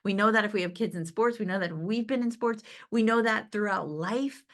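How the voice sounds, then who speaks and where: A fairly quick, mid-range female voice delivers an upbeat, casual motivational talk to salespeople, frequently tossing in "right?" and laughs while dramatizing conversations she recalls.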